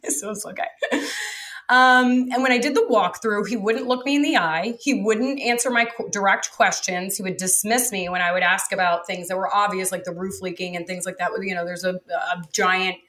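A woman's voice: medium pitch, normal speed, sharp tone. A woman guest telling stories frankly in a casual interview, with many fillers. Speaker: guest, real estate developer.

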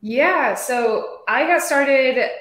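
A woman's voice: high voice, animated, drawn-out words, a bit bright. A young woman from Arkansas, a guest, telling her career story in an upbeat, casual way. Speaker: guest service provider. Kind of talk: casual panel chat. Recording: echoey room.

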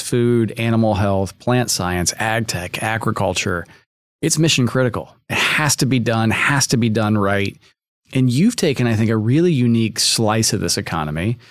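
Deliberate, emphatic male podcast host. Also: lowish voice, dry recording, clean studio sound. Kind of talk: interview podcast hosting.

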